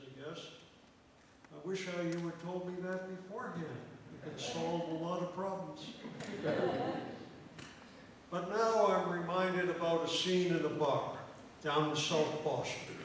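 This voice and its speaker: An older man in his seventies emceeing a dinner and spinning a folksy bar joke, his voice a bit high for a man. He is far from the mic in a large hall with a long echo and a faint hiss. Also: steady tone, normal speed. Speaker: toastmaster. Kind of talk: after-dinner joke telling.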